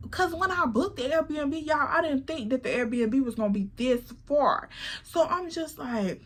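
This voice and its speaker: Animated woman telling a story. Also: sits high, measured pace. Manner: animated, chatty, addresses viewers as "girl". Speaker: vlogger. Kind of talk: storytime vlog.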